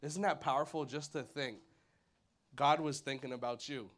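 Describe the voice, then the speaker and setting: Energetic young-sounding male preacher. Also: medium pitch, normal speed. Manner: energetic, casual slang, joking. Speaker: guest preacher. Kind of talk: sermon. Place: church service.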